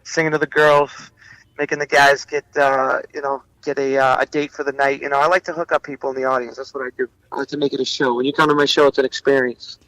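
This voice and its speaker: A man in his forties with a Boston accent, an entertainer chatting as a guest in a relaxed, easygoing way and laughing often. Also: medium pitch, fast talker, no room sound, rough recording. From Boston, USA. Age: 40s. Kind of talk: casual interview chat.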